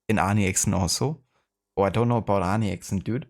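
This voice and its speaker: Low-voiced streamer, rambling. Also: male voice, fast. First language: German. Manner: rambling, full of fillers. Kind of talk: casual live-stream chat.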